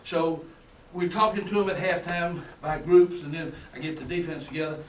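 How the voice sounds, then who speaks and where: An older football coach with a drawl tells stories to a clinic audience in a colorful, emphatic way, laughing as he goes. His voice sits a touch high for a man. It comes from some distance in an echoing room with a faint hum of background noise. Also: normal speed. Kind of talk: folksy storytelling lecture.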